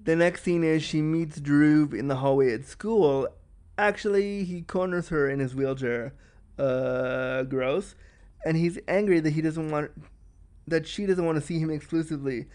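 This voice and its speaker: Male podcast host, slightly high voice, frank and fast-talking, candid film commentary. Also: darkish tone, smooth. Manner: frank and chatty, says he talks fast.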